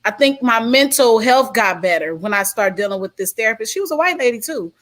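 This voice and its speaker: Woman in her 30s on a talk show, candid and lively, bit of a high voice, does little voices for people in her stories. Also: fairly quick. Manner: candid, animated storyteller, acts out quotes. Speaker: guest. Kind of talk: casual talk show chat.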